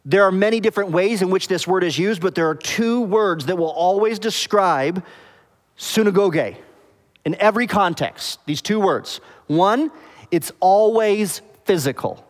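A man's voice: high voice, a little slow. A man preaching a sermon with a slightly raised voice, explaining words step by step. He keeps checking with the congregation to see if they follow. His voice rings out with a long reverb, as in a church hall. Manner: explains word meanings, asks the congregation "okay?" and "does that make sense?". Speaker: pastor.

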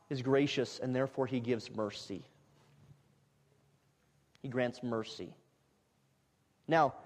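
A man preaching an expository sermon, emphatic, repeating phrases and building to loud climaxes. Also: mid-range voice, long reverb tail.

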